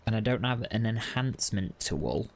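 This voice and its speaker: A man's voice: on the low side, animated, moderate pace, slight background noise. A man giving casual, wry let's-play commentary and chatting to the game. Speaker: gaming video host.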